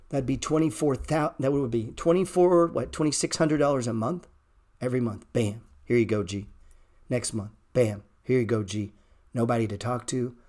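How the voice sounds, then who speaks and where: A man hosting an unscripted stock market show, blunt and profane, repeating phrases for emphasis and swinging between loud bursts and low mutters.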